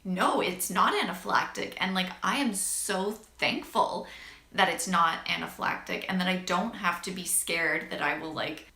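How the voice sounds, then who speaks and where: Speaking to camera in an echoey room, a young woman in her twenties recounts a health experience in a fairly low, bright, forceful voice at moderate pace. Her talk is chatty and frank, heavy on "like," with emotional moments and laughter.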